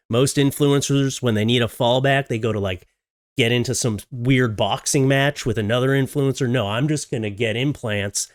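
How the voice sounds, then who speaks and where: A man's voice: medium pitch, dry recording, studio quality. A man hosting a comedic reaction commentary on viral videos, joking with sarcastic asides.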